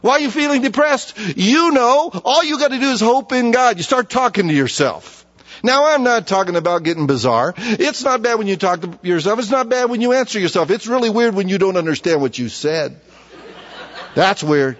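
High-voiced animated male preacher. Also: normal speed, highs cut off. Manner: animated, humorous, acts out inner dialogue. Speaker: pastor. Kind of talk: sermon.

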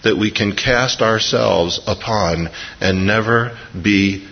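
A man preaching a sermon to a congregation, his voice low and a little husky as he tells the story in earnest. He slows down to press his points home. The sound is dull and lo-fi, with a long reverb from the hall. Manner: earnest, storytelling, measured slowdowns for emphasis. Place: church service before a congregation.

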